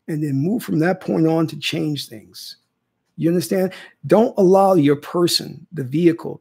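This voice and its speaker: A spiritual teacher fields viewer questions in laid-back livestream talk. His voice is a little high, creaky, mellow and husky, and he keeps checking in with "okay?" while repeating phrases.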